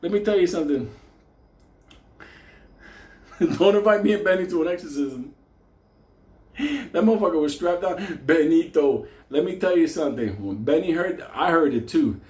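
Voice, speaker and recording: A man spins a crude, rowdy story, laughing often and jumping into loud voices for the people in it. His voice sits a bit high. The room has a noticeable echo. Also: expressive, normal speed. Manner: loud, laughing, acts out quotes. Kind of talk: profane comic storytelling.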